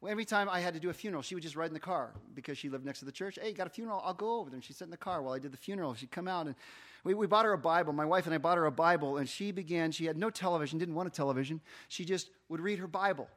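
A middle-aged man preaching as a pastor, telling a story and acting out the dialogue. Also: a little high. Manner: animated storyteller, acts out dialogue. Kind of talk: sermon storytelling.

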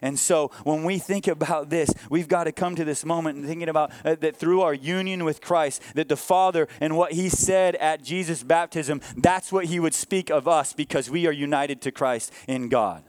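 A man pastor preaching a sermon with earnest emphasis, moving between raised passages and hushed ones, with conversational asides to the congregation. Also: fairly high pitch, moderate pace, hardly any pauses, no room sound.

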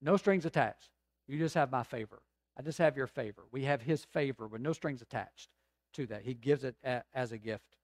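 A man preaching a sermon as pastor, rising to emphatic swells and dropping to slow, quiet reflection. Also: mid-range voice, no room sound.

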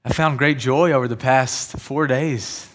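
A man's voice: mid-range voice, steady tone, a little slow. A man preaching a sermon, telling personal stories in a conversational way and building to emphatic points. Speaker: pastor.

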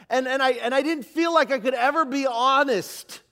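A man preaching a sermon as pastor, animated, moving from loud emphasis to quiet asides. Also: extremely high pitch, moderate pace, hardly any pauses. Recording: live church service.

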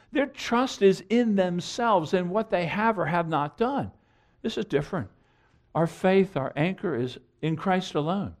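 Animated man preaching a sermon. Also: on the high side. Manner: earnest, emphatic preaching with repeated phrases and restarts. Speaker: pastor.

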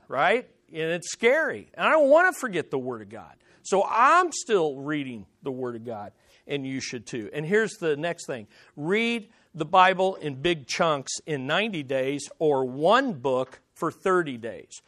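High-voiced pastor preaching conversationally. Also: male voice, big pitch swings, unhurried, a bit bright. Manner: conversational, emphatic, repeats phrases. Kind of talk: sermon.

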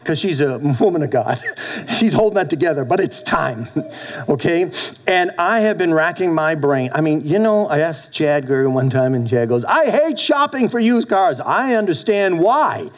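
Lively middle-aged preacher, animated delivery. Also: male voice, a little high, normal speed. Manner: animated, with frequent restarts and sudden soft drops. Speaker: pastor. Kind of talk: sermon.

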